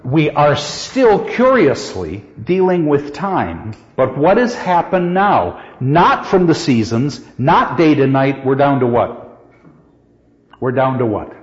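A male literature teacher lecturing a class on poetry, putting questions to the students and reading verse lines slowly. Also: mid-range voice, sing-song. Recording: echoey hall, dull lo-fi sound.

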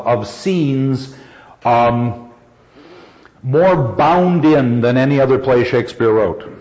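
A man lecturing a class on a play, animated and quick to laugh, sometimes acting out quoted lines in a raised voice. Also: medium pitch. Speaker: literature teacher. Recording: dull lo-fi classroom recording.

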